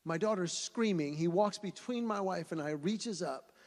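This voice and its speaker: Animated man telling stories in a hall. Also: high voice, normal speed. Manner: animated storyteller who acts out voices. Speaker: speaker at a fundraising event. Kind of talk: storytelling speech to an audience. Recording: long hall reverb.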